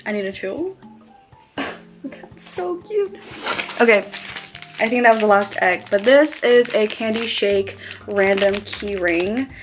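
A young woman, a college student, chatting casually as she unboxes blind boxes and gushes excitedly over how cute everything is. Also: medium pitch, normal speed. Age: young adult. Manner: gushing, excitable, squeals over cute things. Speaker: unboxing vlogger. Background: background music.

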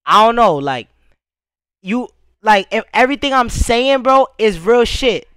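Young man rambling, high-pitched and dry. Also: lively intonation, measured pace, fairly bright tone, clear, resonant tone, no echo, low-quality recording. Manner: rambling, repeats fillers like "bro" and "you feel me", swears freely. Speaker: rapper reacting to his own music video. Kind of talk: casual reaction stream.

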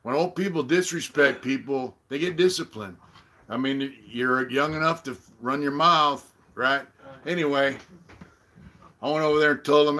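A middle-aged man hosting a casual live-stream chat, telling a profane story and loudly acting out what others said. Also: medium pitch, measured pace. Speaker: channel host.

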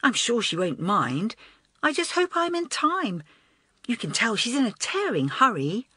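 A woman voicing a hot-headed, excitable schoolgirl who talks in an eager, impulsive rush. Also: fairly high pitch, unhurried, slightly rough, dry recording, studio quality, pitched above the performer's own voice, heavily acted.

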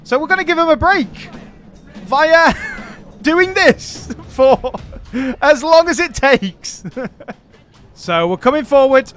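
Brief: male let's-play host, high-pitched voice, chatty and excitable, quick to swear and rant, faint music underneath. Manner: chatty, excitable, swears freely and rants at the enemy. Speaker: gaming channel host. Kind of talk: strategy game commentary.

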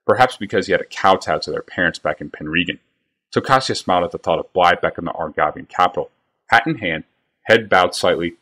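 A man's voice: deep voice, fairly bright tone, slightly rough. A man reading a fantasy novel aloud on a live stream, narrating evenly and unhurriedly.

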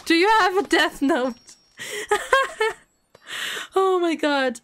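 A woman's voice: very high-pitched, animated, very slow, fairly bright tone. A woman streamer chatting live with her viewers, playful and dramatic, who breaks into giggles often.

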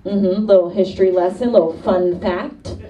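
A woman in her thirties performs a stand-up set on a club stage, lively and confiding with the crowd. Her voice is mellow and soft-edged rather than bright. The mic sits a little far from her, so she sounds distant in the room with audience laughter. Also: mid-range voice, moderate pace, lo-fi sound. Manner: animated, puts on voices for quoted exchanges. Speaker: stand-up comedian.

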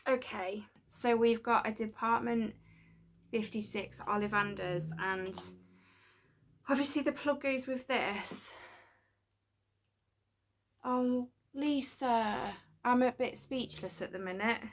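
A woman filming a casual home unboxing vlog, gushing and excitable, sometimes dropping to a whisper. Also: fairly high pitch, slow, long pauses. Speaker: unboxing vlogger. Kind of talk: casual chat to camera. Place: home studio.

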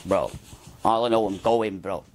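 A man's voice: on the low side, unhurried, slight background noise. A man telling his story in an interview, rambling and slangy, with a habit of repeating himself. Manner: rambling, slangy, repeats "mate" and "do you know what I mean". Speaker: interview guest.

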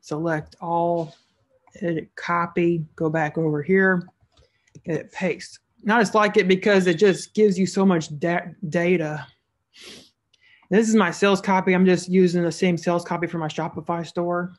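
A woman's voice: fairly low pitch, steady tone, moderate pace. A woman narrating a screen-recorded tutorial as an online seller, casual and thinking aloud as she clicks through each step.

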